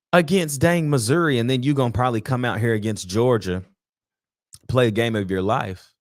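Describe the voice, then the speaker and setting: A man hosting a casual sports talk livestream, speaking in a frustrated, emphatic and animated way. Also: mid-range voice, fairly quick, no room sound, studio quality. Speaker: sports talk show host.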